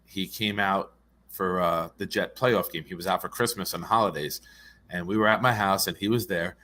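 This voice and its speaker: A man's voice: sits low, moderate pace, sharp tone. A man with a young son, co-hosting a casual sports talk show and telling laid-back, jokey stories. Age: adult with a young son. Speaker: guest co-host.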